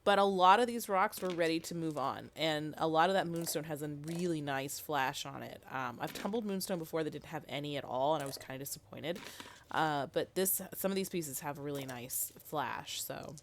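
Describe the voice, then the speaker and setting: A woman with a low-sitting voice vlogs casually about her rock tumbler at a moderate pace, in a chatty how-to style. She sounds sick and thinks aloud with ums and other fillers. There's a little hiss or hum.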